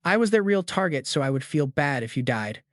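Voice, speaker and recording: A man's voice: a little high, lively intonation, a little fast, no room sound, clean studio sound, close to an everyday voice. A man voicing a cold, arrogant young male swordsman, speaking in a blunt, icy, curt way.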